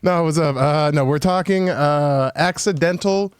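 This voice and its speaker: A man's voice: fairly high pitch, unhurried, smooth, no echo, studio quality. A man hosting a podcast in casual, jokey chat, rambling and swearing freely. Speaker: podcast host. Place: small studio.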